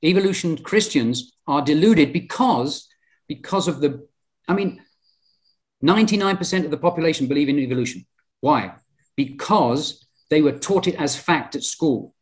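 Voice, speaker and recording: A man's voice: on the high side, expressive, moderate pace. A man with a British accent presenting in a Bible study discussion, insistent and argumentative with frequent restarts. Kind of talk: lecture-style group discussion.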